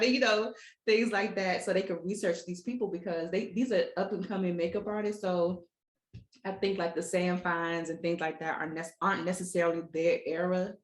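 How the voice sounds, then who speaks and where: A woman hosting a podcast, chatting casually with lots of fillers. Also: on the low side. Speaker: podcast host. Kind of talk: casual interview chat. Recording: echoey room.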